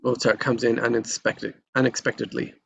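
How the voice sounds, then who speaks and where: Brief: man with a gravelly voice reading stage directions plainly. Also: medium pitch, level tone, normal speed, fairly bright tone. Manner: plain, matter-of-fact.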